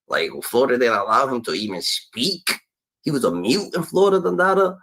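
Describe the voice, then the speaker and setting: A man's voice: medium pitch, big pitch swings, a little fast, a bit bright, rough recording. A man giving casual reaction commentary, rambling and filling gaps with repeated "da, da, da" and stammered starts.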